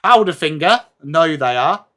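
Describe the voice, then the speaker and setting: A man's voice: a little high, lively intonation, moderate pace, fairly bright tone. A young English man hosting a live sports watchalong, chatting to his viewers in a self-mocking way and reading trivia aloud. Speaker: livestream host.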